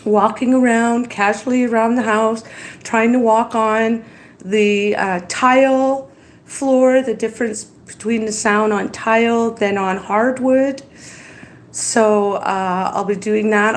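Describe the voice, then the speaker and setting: Woman live-streamer, worn out, slow rambling chat, reads comments aloud, faint background hum. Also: a little high, fairly even intonation, poor audio. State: tired after crying.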